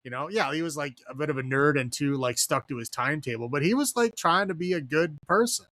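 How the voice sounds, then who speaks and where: A man co-hosting a podcast, chatting casually and ramblingly about movies and acting out characters in quick quotes. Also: fairly high pitch, lively intonation, bright, forceful tone, no echo, studio quality. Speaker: podcast co-host. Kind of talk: casual film review chat.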